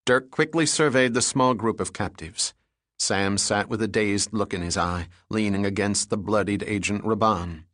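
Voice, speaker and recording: A male narrator reads an action audiobook in a steady, measured way. His voice sits low. The sound is dry, close and free of room echo.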